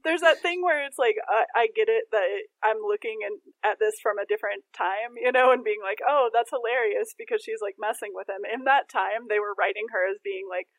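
A woman's voice: mid-range voice, fairly quick, hardly any pauses, no room sound, rough recording. A woman in casual podcast chat about a TV episode, giggling often and reflecting on the show. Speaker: podcast co-host.

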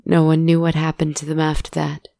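A woman narrating a story in a soft, deliberate way. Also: low-pitched, completely flat delivery, gravelly, no echo, studio quality.

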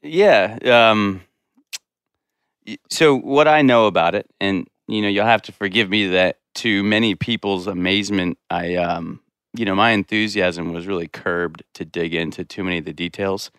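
A man as a podcast guest, speaking in a reflective, halting way with many "um" and "you know" fillers. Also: deep voice, a bit bright, clean tone, dry recording, studio quality. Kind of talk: casual interview conversation.

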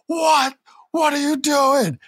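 A man voicing a furious, betrayed young male wrestler who shouts in disbelief, with his voice pitched well above his own. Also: fairly even intonation, slow pace, full character voice. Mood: anguished.

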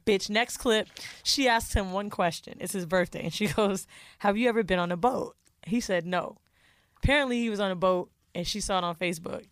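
A woman co-hosting a podcast, telling a long reality-show story in a profane, animated, casual way. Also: medium pitch, fairly quick, no room sound, studio quality. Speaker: podcast co-host.

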